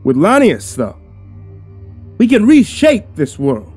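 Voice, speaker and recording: A man voicing a sinister, persuasive male cult reverend who preaches in a booming, grandiose, taunting way, in a horror story reading. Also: huge pitch swings, slow, darkish tone, breathy edge, soft background music, exaggerated voice. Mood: preaching.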